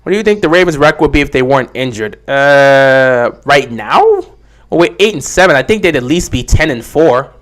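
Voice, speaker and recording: Animated young man hosting a livestream. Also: mid-range voice, brisk, hardly any pauses. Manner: animated, answering chat questions. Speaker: livestream host. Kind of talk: casual livestream commentary.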